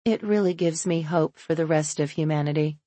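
A woman's voice: fairly quick, warm tone, no echo. A woman reading a first-person novel aloud, shifting her voice for each character. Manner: shifts pitch and pace to voice characters. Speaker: audiobook narrator.

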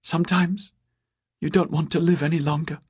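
Man doing a tearful mother, high soft voice, faltering, dry close audio. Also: steady tone, normal speed, slightly rough, no room sound. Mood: whispering. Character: despairing middle-aged woman, a worried mother.

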